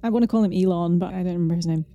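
A woman's voice: lowish voice, very fast, dark tone, highs cut off, soft background music. A woman co-host joining the chat playfully, teasing and giggling as she talks. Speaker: podcast co-host. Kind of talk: casual chat.

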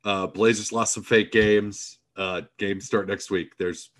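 A man's voice: on the low side, fairly even intonation, a little slow, a bit bright. A man co-hosting a casual podcast, teasing his friend and rambling with fillers. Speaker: podcast co-host. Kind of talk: casual chat.

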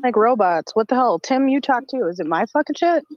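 A woman's voice: on the high side, expressive, brisk, no echo, muffled recording, faint music behind. A woman joining a casual call-in chat, blunt and swearing casually. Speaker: caller on the show.

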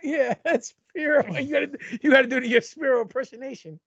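A man's voice: very high-pitched, fairly quick, gravelly, fairly bright tone, husky, no echo. A man co-hosting a podcast in crude casual banter, joking and teasing his co-host. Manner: joking, teasing, laughs often. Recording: dry, dull lo-fi sound.

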